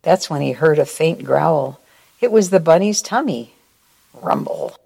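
Low-pitched and gravelly with a breathy edge, a woman's voice carries a children's story read aloud at a church service. She reads slowly and expressively before offering a brief prayer at the end.

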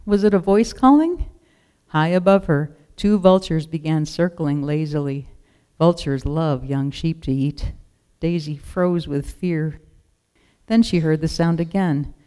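A narrator reading a children's storybook aloud in a steady, expressive way. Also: medium pitch, unhurried, clear, resonant tone.

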